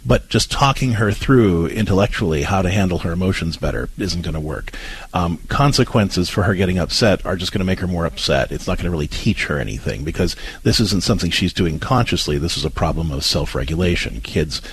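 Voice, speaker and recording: Low husky-voiced man explaining parenting. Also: lively intonation, a little fast. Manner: earnest, explanatory, with many restarts. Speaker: parenting show host. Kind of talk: advice talk show discussion.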